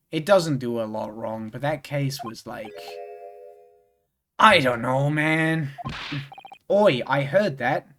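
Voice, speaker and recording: A man's voice: medium pitch, a bit bright. A young man streaming a game, chatting casually and rambling with lots of restarts and swearing. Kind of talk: casual chat while playing a game.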